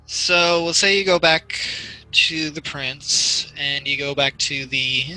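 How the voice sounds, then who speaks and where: Man, game master, halting second-person narration, very bright tone, slow. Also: fairly high pitch, soft background music, low-quality recording. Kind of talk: narrating a tabletop role-playing game.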